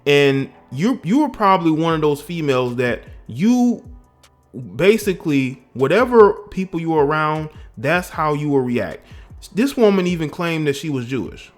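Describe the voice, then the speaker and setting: A man's voice: fairly high pitch, very animated, moderate pace, faint music behind. A man from the American South giving emphatic, indignant political commentary on his own vlog, often restarting his phrases.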